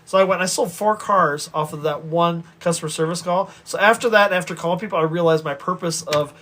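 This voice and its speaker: Male storyteller, high and quick, casual and animated, rambling with frequent restarts. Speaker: vlogger telling stories.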